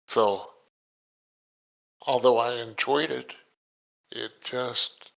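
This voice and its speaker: Slow, gravelly-voiced man. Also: medium pitch, steady tone, fairly bright tone, highs cut off. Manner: slow, halting, restarts words. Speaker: podcast co-host. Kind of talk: casual film discussion.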